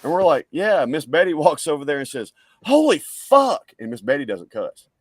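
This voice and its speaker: A man's voice: mid-range voice, expressive, fairly quick, darkish tone, no echo. A man co-hosting a casual podcast, telling a story in a loose, profane way. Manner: laid-back, profane, laughs often. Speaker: podcast co-host.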